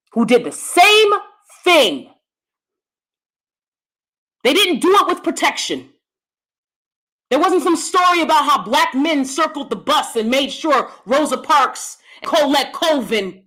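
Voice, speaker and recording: A woman's voice: on the high side, pushed and bright. An American woman giving a blunt, combative and profane commentary rant as a YouTube host. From United States. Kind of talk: ranting commentary.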